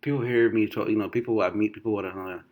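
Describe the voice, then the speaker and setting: A man from Uganda, thinking aloud in a casual monologue, full of restarts and fillers, swinging between loud bursts and quiet asides. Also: fairly low pitch, fairly even intonation, fast talker. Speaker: vlogger.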